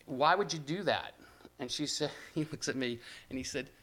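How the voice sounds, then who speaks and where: A man's voice: a little high, moderate pace, a bit bright. Older man telling stories to students. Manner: conversational storytelling, with restarts and asides. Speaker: guest speaker. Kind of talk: talk to students.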